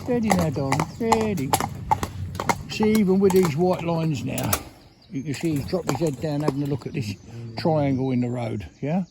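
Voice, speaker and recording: A man, a horse trainer, talks casually while working a horse out on a road, and he slips into soft, coaxing endearments for the animal. His voice sits a little high for a man. Loud outdoor noise and hoofbeats run behind him. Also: moderate pace, creaky.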